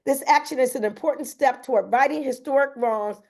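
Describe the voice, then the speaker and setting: Woman, memoir read-aloud, earnest and heartfelt, slightly high voice, gravelly edge. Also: a little fast, darkish tone. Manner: earnest, emotional, breaks off into personal comments. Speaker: author reading her memoir. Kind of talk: reading aloud with spontaneous asides.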